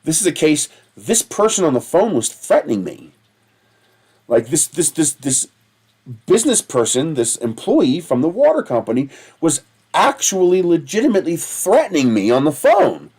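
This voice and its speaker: A man's voice: a little high, wildly swooping pitch, normal speed, a little mellow, slightly rough. A man hosting a casual livestream, telling rambling stories with a lot of swearing and laughing at himself. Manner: digressive, profane, laughs at his own stories. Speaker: livestream host.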